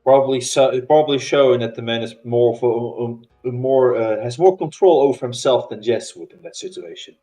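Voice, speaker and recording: A man chatting casually while a friend plays a game, explaining things in a calm, wry way. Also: medium pitch, a little fast, hardly any pauses, soft background music, rough recording. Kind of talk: casual gaming chat.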